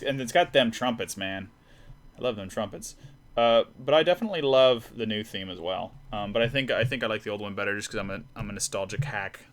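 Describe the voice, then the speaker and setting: A man's voice: mid-range voice, a bit bright. A man hosting a live stream, chatting casually and rambling while he draws, often restarting himself. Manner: rambling, self-deprecating, many restarts. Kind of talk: casual chat while drawing.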